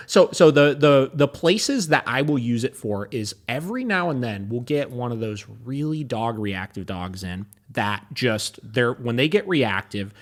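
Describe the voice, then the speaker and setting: Animated, profane guest in podcast chat. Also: male voice, medium pitch. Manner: animated, quick agreement, swears, laughs often. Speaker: podcast guest, dog trainer.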